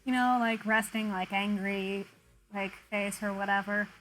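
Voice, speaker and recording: A woman's voice: medium pitch, fairly even intonation, a little slow, a bit bright, faint music behind, rough recording. A young woman streamer chatting casually with viewers, self-deprecating and laughing often. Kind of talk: casual chat with viewers while drawing.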